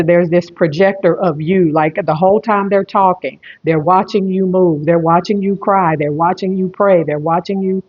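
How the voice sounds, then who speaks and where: Repetitive, emphatic tarot reader, muffled audio. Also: mid-range voice. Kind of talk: online tarot reading.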